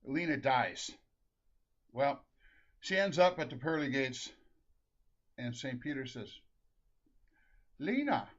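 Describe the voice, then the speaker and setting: Chuckling man telling jokes. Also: mid-range voice. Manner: chuckles often, halting restarts. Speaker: storyteller. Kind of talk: comic joke telling. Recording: dull lo-fi recording.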